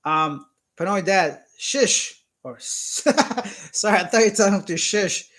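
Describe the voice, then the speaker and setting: A young man from Canada hosts a relaxed live stream, reading out comments from his viewers. His voice sits a little high for a man, and he keeps things playful and teasing, breaking into laughter often. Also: unhurried. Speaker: YouTube channel host. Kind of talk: casual live-stream chat.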